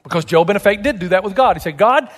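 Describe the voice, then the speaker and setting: A male pastor preaching with a high voice, animated and emphatic, pressing rhetorical questions on his listeners. His words ring through a church with long reverb. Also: rapid-fire. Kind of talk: sermon.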